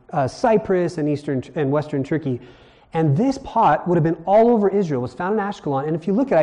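A man's voice: on the high side, mellow. A man from Hawaii teaching a sermon in a conversational way, asking his listeners questions as he explains. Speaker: preacher.

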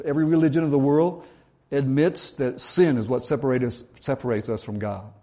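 A middle-aged man preaching to his congregation, his voice sitting at an ordinary pitch. He reads the verses aloud and then talks them through in an easygoing, explanatory way. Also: mellow. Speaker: pastor. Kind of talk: sermon.

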